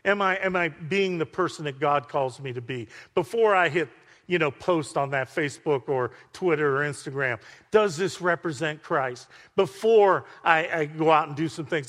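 A male pastor delivers an animated sermon, calling out to his congregation as he goes. His voice sits a little high and sounds bright and forceful. The sound carries a long reverb, like a large church hall. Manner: animated preaching with congregation call-outs.

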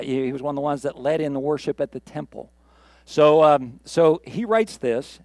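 A man's voice: fairly high pitch, a little mellow, dry recording. A man preaching a sermon from the pulpit, reading scripture and building earnestly to emphatic peaks. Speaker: pastor.

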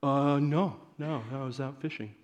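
A man's voice: mid-range voice, measured pace, highs cut off, pitched below the performer's own voice, natural voice. A man voicing a laid-back young fisherman who skipped a service to fish. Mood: offhand.

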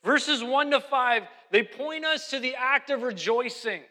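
A man's voice: extremely high pitch, measured pace, sharp tone, big-room sound. A man preaching a sermon as pastor, emphatic and repeating key phrases.

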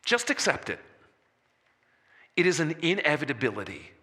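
A man preaching a sermon as a pastor, slowing for emphasis and dropping soft on key words. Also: on the high side, wildly swooping pitch. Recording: long reverb of a large hall.

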